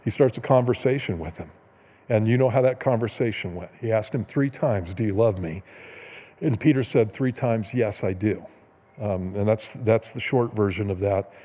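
A man preaching a sermon as pastor, retelling stories in a casual, conversational way with quick asides. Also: on the low side, warm tone, in a large hall. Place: church sanctuary.

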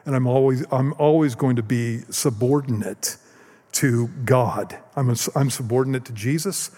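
A man's voice: mid-range voice, moderate pace, warm tone, big-room sound. A middle-aged man preaching a casual, conversational sermon as a pastor, telling stories and often repeating words as he goes.

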